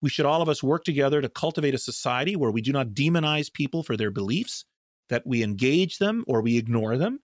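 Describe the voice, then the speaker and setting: A man's voice: mid-range voice, animated, a little fast, no echo, clean studio sound. A man answering interview questions in a thoughtful, rambling way, often restarting his sentences. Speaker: guest scientist.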